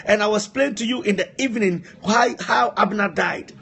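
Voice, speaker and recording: A man's voice: high voice, a little fast, gravelly, hardly any pauses, fairly bright tone, slightly rough. A man preaching a live-streamed sermon, repeating phrases for emphasis and breaking off to speak to helpers. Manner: repetitive, emphatic exhortation, asides to helpers.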